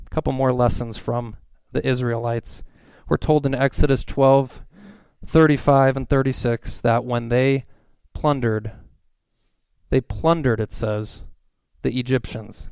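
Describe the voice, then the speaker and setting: A man preaching a sermon, earnest, pushing up in pitch when he asks questions. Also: a little mellow, clear, resonant tone, no echo. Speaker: pastor.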